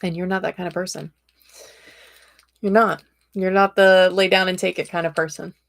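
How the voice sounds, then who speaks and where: A woman's voice: fairly low pitch, little pitch movement, normal speed, creaky. A woman host giving live-streamed tarot readings in a chatty, direct and encouraging way, with a tickle in her throat.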